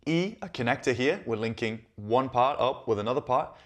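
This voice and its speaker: A man's voice: mid-range voice, lively intonation, moderate pace, hardly any pauses. A man hosting a Spanish lesson, explaining each line and checking in with listeners often. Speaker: Spanish teacher and channel host. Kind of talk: language lesson.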